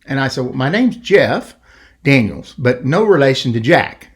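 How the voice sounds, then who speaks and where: A middle-aged man hosting a podcast, telling a story in a rambling, animated way and acting out the quoted voices. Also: mid-range voice, normal speed. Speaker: podcast host. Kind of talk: casual storytelling.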